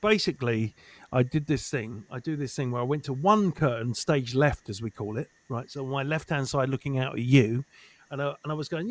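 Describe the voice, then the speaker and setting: A man guesting on a podcast, chatting casually as an animated storyteller who swears and acts out quoted voices. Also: medium pitch, brisk, dry recording. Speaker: guest comedian.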